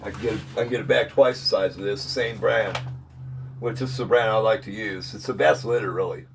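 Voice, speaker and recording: A man's voice: lowish voice, fairly quick, gravelly, a little hiss or hum. A middle-aged man talking to the camera in a rambling casual vlog, chatty and meandering, with grumbling asides. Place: outdoors near a dumpster.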